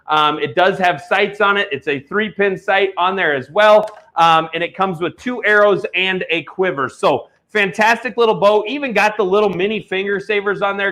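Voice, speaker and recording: A man with a high, bright and forceful voice, hosting a live auction stream. He talks bluntly and heatedly, pushing products like a salesman. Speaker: online auction host.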